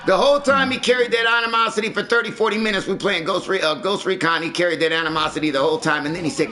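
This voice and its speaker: A man hosting a game livestream, ranting loudly and profanely in casual chat. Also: high-pitched, quick pace, few pauses. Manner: loud, ranting, profane storytelling. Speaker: livestream host.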